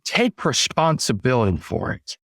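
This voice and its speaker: A man in the role of a sales trainer, telling a casual story straight to his listeners. He is blunt and emphatic, drops mild curses, and keeps checking in with a quick "right?". His middle-pitched voice is captured dry and close, with no room sound around it. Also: wildly swooping pitch, creaky, fairly bright tone, no echo. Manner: conversational, often asks "right?".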